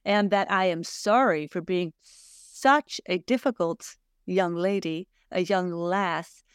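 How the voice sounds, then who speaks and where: A middle-aged Swedish woman hosts her own podcast in a reflective solo monologue, speaking earnestly and searchingly while posing many rhetorical questions to listeners. Her voice is lowish, slow-paced, and clean in tone. The recording is dry and of studio quality.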